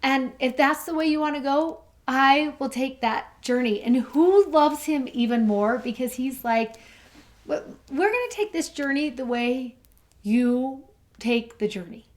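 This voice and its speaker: Enthusiastic woman discussing scripture. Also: sits high. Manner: enthusiastic, reads verses slowly and warmly. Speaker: co-host of a scripture study podcast.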